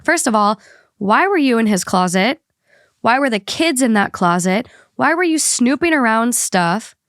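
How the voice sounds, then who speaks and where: A woman's voice: a little high, animated, moderate pace, a bit bright, dry recording, studio quality. A woman hosting a podcast, talking in a heated, indignant way with a stuffy nose. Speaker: podcast host. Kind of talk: casual podcast chat.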